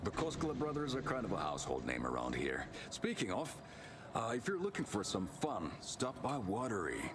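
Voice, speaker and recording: A man's voice: fairly low pitch, huge pitch swings, fairly quick. An actor playing a cheerful, chatty small-town male tour guide with folksy salesman patter. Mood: upbeat. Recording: game audio with ambient noise.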